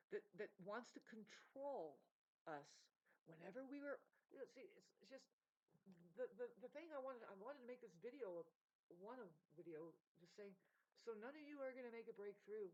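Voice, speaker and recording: A woman ranting to her viewers, rambling and swearing as she swings between loud outbursts and low mutters. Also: lively intonation, normal speed. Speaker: vlogger. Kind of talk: emotional unscripted rant to camera. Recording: dull lo-fi recording.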